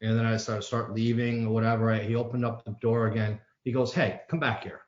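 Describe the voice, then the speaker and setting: A man's voice: lowish voice, monotone, fast, a little mellow. A man, an AA speaker, reading aloud and then telling a personal story in a plain, earnest way with frequent restarts. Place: meeting room. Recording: dull, roomy meeting-hall sound.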